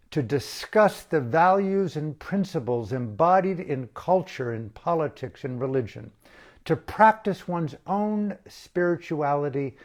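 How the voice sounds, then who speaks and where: Slow, emphatic man giving an impassioned address. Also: a little high, darkish tone. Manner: slow, emphatic, with dramatic pauses and repeated phrases. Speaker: activist speaker.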